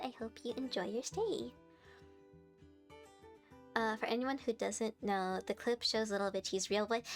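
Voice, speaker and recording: A young woman with a high, light voice hosts a live stream, bubbly and quick to giggle. She teases her chat playfully while faint music plays underneath. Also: a bit bright.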